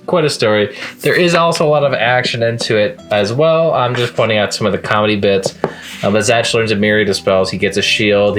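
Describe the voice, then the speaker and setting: Man, low voice, casual manga review vlog, chatty, amused, faint music underneath. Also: fairly bright tone. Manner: chatty and amused, laughing at the scenes he recaps.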